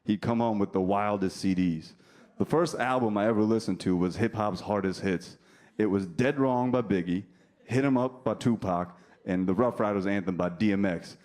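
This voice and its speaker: Speaking at a moderate pace in a fairly low, slightly mellow voice, a stand-up comedian in his thirties teases the crowd with brash, profane jokes. It's a live club recording with a faint crowd audible.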